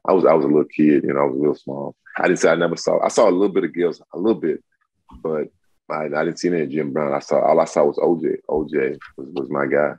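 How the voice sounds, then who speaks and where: A man's voice: a bass voice, steady tone, fast talker, a little mellow, husky, dry recording. A man in his sixties, a guest in an interview, speaking emphatically and often repeating himself. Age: 60s. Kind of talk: casual interview talk. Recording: dull lo-fi audio.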